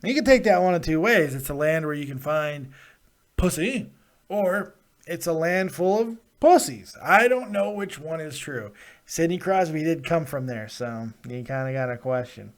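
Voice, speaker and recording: Man, live stream host, rambling and excitable, slightly high voice, casual chat. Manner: excitable, rambling, laughs often. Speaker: host of a wrestling review show.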